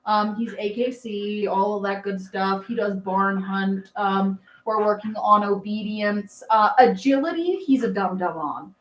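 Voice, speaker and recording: A woman's voice: mid-range voice, a little slow, hardly any pauses, reverberant. A woman in her thirties chatting casually on a livestream, rambling with fillers and laughs, doting on her dog. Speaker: livestream host.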